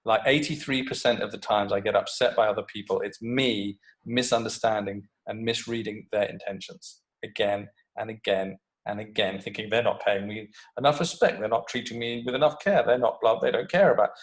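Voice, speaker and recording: A man, a creativity coach, telling an animated story and swearing freely in a casual podcast interview. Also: lowish voice, a little fast, few pauses, low-quality recording.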